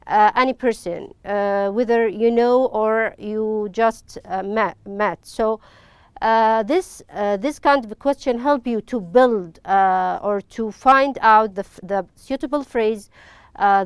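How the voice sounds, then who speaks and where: Slow, patient woman teacher. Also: mid-range voice, smooth, no room sound. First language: Arabic. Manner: patient, step-by-step explaining with frequent pauses. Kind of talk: online classroom lesson.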